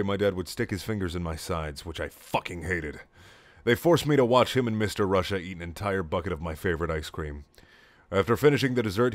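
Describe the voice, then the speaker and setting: A young man reading a comedic story aloud in clipped, deadpan lines with sudden loud outbursts. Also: lowish voice, dry recording.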